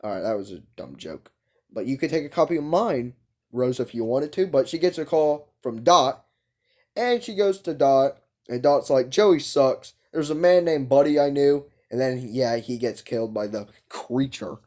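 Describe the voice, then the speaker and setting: A man's voice: mid-range voice, animated, normal speed. A young man giving a casual, unscripted book review, rambling and hesitant and often correcting himself.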